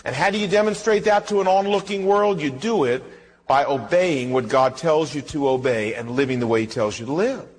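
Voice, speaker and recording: A male pastor with a slightly high voice preaches a sermon a little fast, animatedly acting out the dialogue in his stories. The hall he's in is reverberant.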